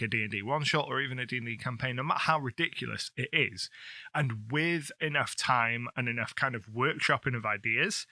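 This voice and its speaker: Very bright-voiced male podcast co-host. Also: medium pitch, no echo. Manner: enthusiastic, quick to agree and riff. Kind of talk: casual chat about tabletop games.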